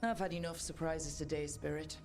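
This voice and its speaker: A woman's voice: deep voice, fairly even intonation, brisk, music in the background. A woman voicing a wary, blunt female warrior companion in a video game, speaking in terse commands. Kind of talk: game dialogue.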